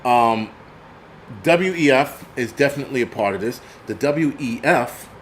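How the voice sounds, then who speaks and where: A man's voice: mid-range voice, expressive, measured pace, slight background noise. A man hosting his own channel, ranting angrily and swearing through a casual monologue. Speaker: channel host. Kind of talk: profane rant vlog.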